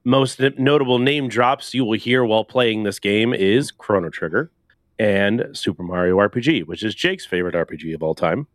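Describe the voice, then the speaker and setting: A man's voice: fairly low pitch, moderate pace, dry recording, studio quality. A man hosting a casual gaming podcast, rambling loosely and laughing often. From Canada. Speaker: podcast host.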